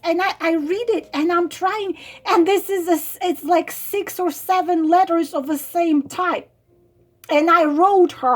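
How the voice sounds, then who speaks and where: A woman's voice: very high voice, lively intonation, unhurried. A woman who reads tarot, talking to camera in an emotional, exasperated monologue that keeps circling back to the same points. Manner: exasperated, emphatic, repeats herself. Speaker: tarot reader and psychic vlogger.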